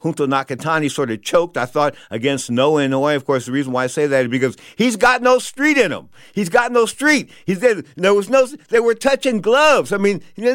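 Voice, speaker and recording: A man's voice: on the high side, animated, brisk, fairly bright tone, no echo, clean studio sound. An older man hosting a boxing show, rambling and fiery, often stumbling over names and repeating himself. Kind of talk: casual opinionated commentary.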